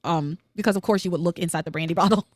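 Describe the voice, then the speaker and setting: A woman hosting a solo podcast, recapping soap opera episodes in an animated, opinionated way, swearing freely. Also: very fast, no room sound, clean studio sound. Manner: animated and opinionated, swears freely, quotes characters with jumps in pitch.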